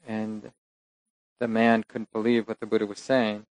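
A man giving a meditation dharma talk, retelling a teaching story in a reflective, unhurried way and pausing to correct himself. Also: on the low side, monotone, a little mellow, no room sound, poor audio. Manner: unhurried, reflective, with occasional laughs and self-corrections. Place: meditation center hall.

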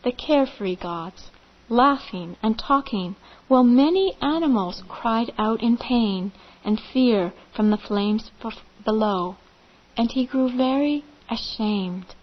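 Slow-telling woman meditation teacher. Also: fairly high pitch, animated, highs cut off. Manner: gentle, measured, vivid pauses. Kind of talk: slow storytelling of a parable.

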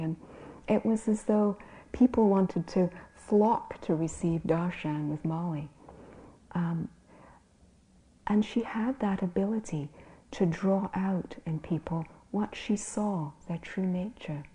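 Soft-spoken woman with a very dark voice. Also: fairly low pitch. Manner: soft, gentle and unhurried, often drops to a near whisper. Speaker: meditation teacher and physician. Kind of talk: dharma talk.

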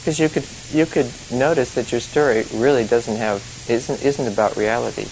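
A man's voice: mid-range voice, moderate pace, darkish tone, low-quality recording. A male meditation teacher talks loosely and conversationally, stopping often to chuckle and check in with "you see?" His speech wanders and restarts. A faint hiss sits under the recording. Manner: chatty, rambling, laughs often, many "you know" and "you see" asides. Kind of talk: informal dharma talk.

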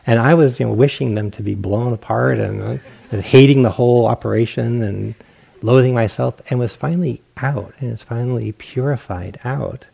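A male meditation teacher tells a story during a dharma talk, poking fun at himself as he acts out his own thoughts. His voice sits at an ordinary pitch, with a gravelly, slightly husky edge. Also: normal speed, mellow.

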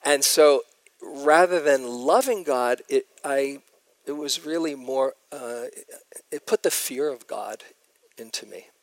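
A man giving a dharma talk as a meditation teacher at a retreat, telling stories in a gentle, reflective way. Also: mid-range voice, takes it slowly, dry recording.

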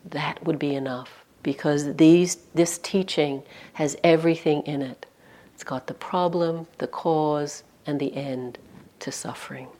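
A woman meditation teacher giving a conversational dharma talk at a retreat center, full of "you know" and dropping softly on key points. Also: low-pitched.

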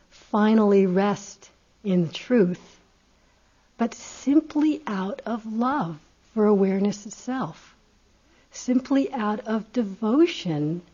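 Meditation teacher, woman: slow, mellow and breathy; gentle and reflective, with soft laughs. Dull lo-fi. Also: fairly high pitch. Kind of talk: dharma talk. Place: retreat center meditation hall. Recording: dull lo-fi recording.

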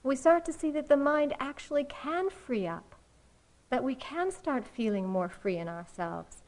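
A woman meditation teacher giving a dharma talk in a slow, reflective way, with soft pauses. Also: high voice, lively intonation, poor audio.

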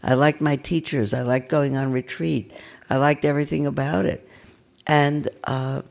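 An older woman giving a gentle, conversational dharma talk as a meditation teacher, with a self-mocking manner. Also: sits low, fairly even intonation, moderate pace, creaky. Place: meditation center.

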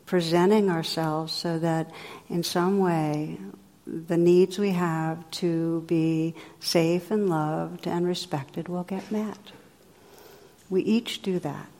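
A woman's voice: fairly low pitch, mellow. A woman meditation teacher giving a reflective, conversational dharma talk in a meditation hall, with frequent fillers. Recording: long hall reverb.

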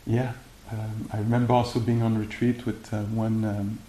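Halting low-voiced male meditation teacher. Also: level tone, mellow. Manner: halting, many fillers and restarts. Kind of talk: dharma talk and Q&A. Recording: echoey room with faint hiss.

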